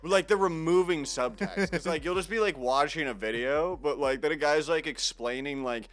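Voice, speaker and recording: A podcast co-host, a man with a slightly high, fairly bright voice, chats casually at normal speed. He rambles, says "like" constantly, and trails off mid-thought.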